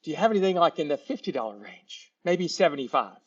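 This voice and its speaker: A man's voice: on the high side, big pitch swings, quick pace, highs cut off. A man voicing a fretful, chatty woman shopper. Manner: chatty, hesitant, fretting over price. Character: fussy budget-minded female shopper.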